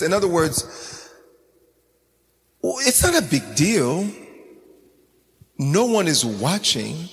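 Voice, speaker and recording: A man's voice: on the high side, expressive, unhurried, pauses often, fairly bright tone, long reverb tail. A man preaching a sermon in a sing-song, chanting style, repeating phrases as he goes.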